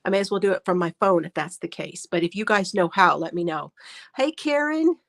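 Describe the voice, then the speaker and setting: A woman's voice: fairly low pitch, steady tone, quick pace, gravelly, fairly bright tone. A woman hosting a casual crochet livestream from her phone, chatting, laughing often and greeting viewers by name.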